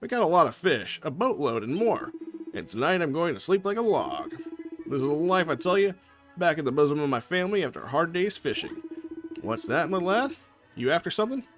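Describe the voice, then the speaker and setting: A man's voice: fairly high pitch, big pitch swings, a little fast, fairly bright tone. A man reading as a boastful fisherman dad. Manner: folksy and boastful, reading lines aloud. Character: proud cheerful fisherman father, middle-aged man. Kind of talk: reading game dialogue aloud. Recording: faint music behind.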